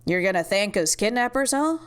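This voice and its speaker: A woman doing a weary rough pioneer man. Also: medium pitch, lively intonation, fairly quick, natural voice. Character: weary rough middle-aged male pioneer leader. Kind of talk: voicing game cutscenes.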